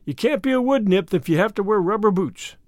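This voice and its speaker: A sensible young woman speaks in a plain, matter-of-fact way, voiced by a male reader. Her voice sits higher than a man's, dry and close. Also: expressive, brisk, a little mellow, no echo.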